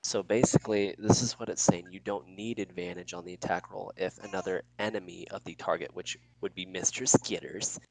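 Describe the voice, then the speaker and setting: A man playing a tabletop game, describing his moves and haltingly reading out the rules. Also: low-pitched, fairly even intonation, vocal fry, noisy background. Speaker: player. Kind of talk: casual tabletop game play.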